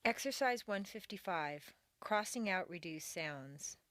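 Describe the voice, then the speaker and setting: A woman leads a recorded pronunciation lesson and reads each example slowly and deliberately. Her intonation swoops up and down well beyond normal speech, because she exaggerates it for learners to copy. The recording is dry and close, with no room sound. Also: lowish voice, lively intonation, a bit bright, dry recording. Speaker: accent training instructor.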